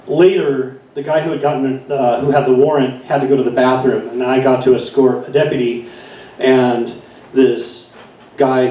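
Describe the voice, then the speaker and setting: A man's voice: medium pitch, mellow. A middle-aged man performing a stand-up set in a bar, rambling with many fillers and self-corrections. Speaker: stand-up comedian. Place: bar stage. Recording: echoey room from far off.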